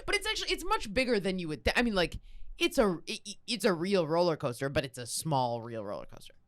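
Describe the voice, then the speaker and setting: A woman's voice: fairly low pitch, big pitch swings, quick pace, no echo, clean studio sound. A woman comedian from Minnesota with a Minnesota accent, chatting playfully as a podcast guest and hamming up her home accent. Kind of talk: casual podcast chat.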